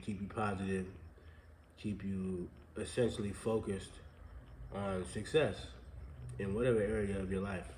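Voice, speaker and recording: A man with a nasal, stuffed-up voice from sinus trouble, talking casually and rambling about motivation. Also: on the low side. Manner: relaxed, rambling with fillers. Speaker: co-host. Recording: echoey room with faint ambient noise.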